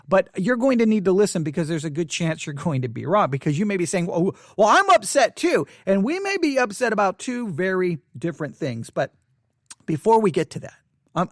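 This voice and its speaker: A man's voice: sits high, creaky, no room sound. A man hosting a live religious broadcast, talking in an agitated, emphatic and repetitive preacherly way, reading scripture aloud into a studio microphone. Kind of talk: live-streamed commentary with Bible reading.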